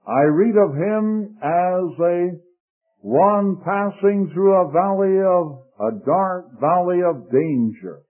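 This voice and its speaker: Older male preacher, slightly high voice, very slow and deliberate delivery with hushed low scripture lines, thin phone-like radio sound. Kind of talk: sermon. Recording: tinny lo-fi radio broadcast.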